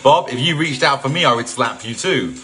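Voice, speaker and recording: A man's voice: medium pitch, a little fast, sharp tone. A middle-aged man from England hosting a live home workout session, chatting casually, greeting viewers by name and joking. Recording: faint music in the background.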